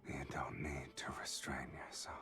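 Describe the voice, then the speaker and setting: Whispering vampire husband, very deep. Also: male voice, level tone. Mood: seductive. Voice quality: breathy, hushed, sighing. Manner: slow, indulgent, teasing. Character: seductive vampire husband, low and intimate. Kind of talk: whispered role-play. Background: violin music.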